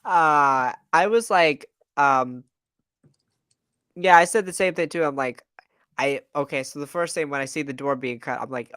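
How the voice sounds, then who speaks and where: A man's voice: medium pitch, normal speed, fairly bright tone, smooth, dry recording, studio quality. A man co-hosting a fan podcast in casual, enthusiastic chat with many fillers. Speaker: podcast co-host.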